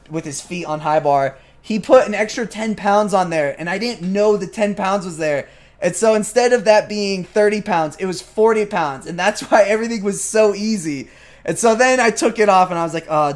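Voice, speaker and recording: A young man chatting casually as a gymnast vlogger, talking over his training footage, answering viewer questions and acting out what he said at the time. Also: sits high. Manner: chatty, animated, acts out his own past remarks.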